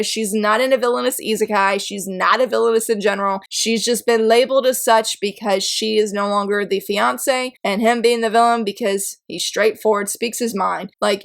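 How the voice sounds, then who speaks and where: A young woman chatting casually about books she read, gushing and acting out her own reactions. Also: medium pitch. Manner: gushing, animated, with frequent "like" and quoted reactions. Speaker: book reviewer. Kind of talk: casual chat.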